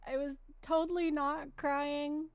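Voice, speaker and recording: A woman streamer chatting casually with viewers, rambling and restarting her sentences, and softening into baby talk with her pet. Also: high voice, little pitch movement, slow pace, dry recording.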